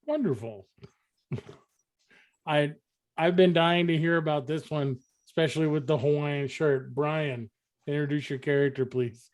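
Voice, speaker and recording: A man running a tabletop game as game master, halting with many fillers and easily amused. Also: a little high, a little mellow.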